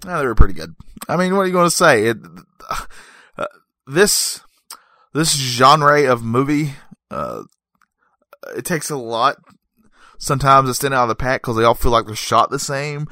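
A man's voice: medium pitch, lively intonation, moderate pace, long pauses, sharp tone, no echo. Joking rambling man, dry sound. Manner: joking, rambling, self-correcting asides. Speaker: movie reviewer. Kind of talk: casual comedic monologue.

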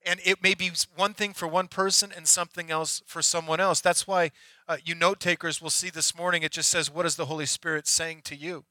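A man's voice: on the high side, level tone, brisk, bright, forceful tone, no room sound, rough recording. A man preaching a sermon as pastor, talking candidly and conversationally with frequent restarts. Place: church sanctuary.

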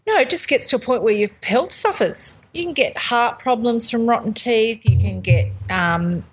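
Woman, husky voice, lively up-and-down pitch, chatty storyteller, casual podcast chat. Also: normal speed, poor audio. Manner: chatty storyteller, laughs often, acts out quoted voices. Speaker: podcast co-host.

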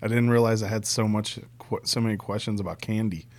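A man's voice: fairly low pitch, steady tone, fast, darkish tone. A man hosting a casual chat, joking and laughing often.

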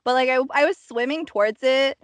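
A woman co-hosting a casual podcast chat, telling stories in an animated way full of fillers. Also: high voice, brisk, no room sound. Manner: animated storytelling, filler-heavy, laughing. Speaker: podcast co-host.

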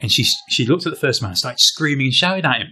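Speaking fast in a mid-range voice with a breathy edge, a British guest who fences recounts a funny anecdote during a casual chat. He's animated and self-deprecating, peppering his story with British slang.

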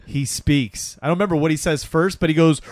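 A man's voice: a little high, a little fast, a little mellow, no echo, clean studio sound. A man co-hosting a casual film discussion, recapping scenes in a laid-back, slangy way. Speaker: podcast co-host.

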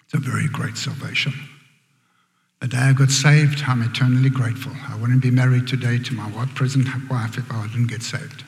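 Preacher guy telling a story, goes quiet and whispery, big echoey hall. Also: mid-range voice, steady tone, a little fast, hardly any pauses. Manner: dramatic, dropping to hushed whispers. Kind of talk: sermon storytelling. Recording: echoey hall with long reverb.

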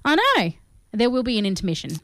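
Woman, co-host, smooth clear voice, dry close sound, giggly and rambling. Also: a little high, huge pitch swings, fast, fairly bright tone, dry recording. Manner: giggly, rambling, self-mocking. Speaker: co-host of a film review show. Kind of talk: casual radio chat.

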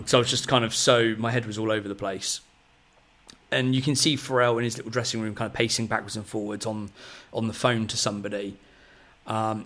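A man in his thirties, a podcast host telling a long story in a rambling, excitable way, full of fillers. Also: mid-range voice. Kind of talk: casual storytelling chat.

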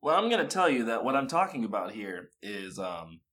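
A man's voice: fairly low pitch, big pitch swings, a little fast, fairly bright tone. A young man co-hosting a podcast, chatting casually, laughing often and restarting his sentences. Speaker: podcast co-host.

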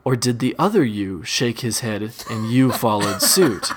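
A man narrating an interactive second-person story in a wry, deadpan way, often breaking into laughter. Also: medium pitch, a little slow, very noisy. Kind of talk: second-person choose-your-path narration.

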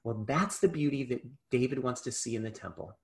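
A male preacher giving a sermon, impassioned, swinging between loud emphasis and hushed asides. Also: mid-range voice, lively intonation, brisk, vocal fry.

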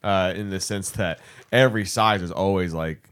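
A man's voice: low-pitched, moderate pace, a bit bright. A man co-hosting a podcast in loose, joking banter, laughing often and full of fillers. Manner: laughs a lot, easygoing, chimes in with fillers. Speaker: podcast co-host. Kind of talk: casual crude banter.

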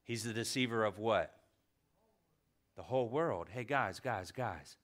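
A middle-aged pastor preaching a sermon, asking the congregation questions and swinging between loud and hushed delivery. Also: male voice, fairly low pitch, measured pace.

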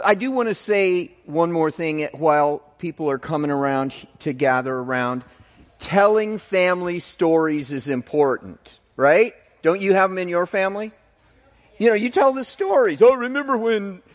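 A male pastor leading his congregation and praying over a departing family on a handheld microphone, energetic and fervent. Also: on the high side. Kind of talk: sermon and prayer. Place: church hall. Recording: reverberant church hall.

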